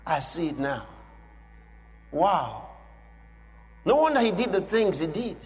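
Preacher man, lively, hall reverb. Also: sits high, takes it slowly, faint music behind. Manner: dramatic, swings between hushed and shouted; reads scripture aloud to a congregation. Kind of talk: sermon.

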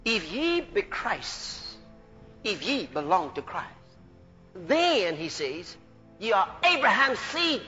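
Fervent high-voiced male preacher. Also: animated, in a large hall. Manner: fervent, shouting exclamations, quick laughs, acts out scripture voices. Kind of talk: sermon. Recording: muffled lo-fi recording with faint music.

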